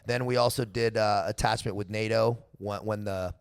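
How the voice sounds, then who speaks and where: Laid-back Californian man with a gravelly voice. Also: lowish voice, steady tone, normal speed. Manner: laid-back slangy talk, lots of bro and dude, laughs often. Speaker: podcast guest. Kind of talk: casual storytelling interview.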